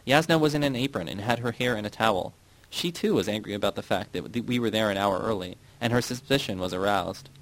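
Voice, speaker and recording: A man narrating a novel in the first person as an audiobook reader, in a steady, even reading. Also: lowish voice, poor audio.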